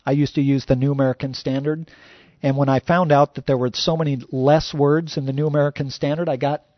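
A man's voice: fairly high pitch, level tone, fairly quick, no room sound, lo-fi sound. A man preaching a sermon as a pastor, conversational and full of "you know" fillers.

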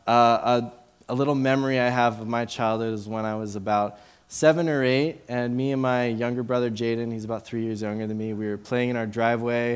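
A young man in his late twenties talks through a Bible passage in a relaxed, chatty way. He fills the gaps with ums and likes and restarts his sentences as he goes. His pitch sits right in the middle for a man. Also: clean tone. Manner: casual, many fillers and restarts. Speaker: Bible teacher. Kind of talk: informal Bible teaching with a personal story.

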